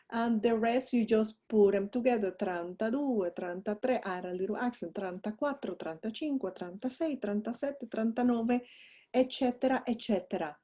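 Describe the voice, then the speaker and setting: Here a woman language teacher talks through her slides in a recorded online lesson. Her medium-pitched voice carries a dark tone, and she fumbles with her mouse between chatty asides.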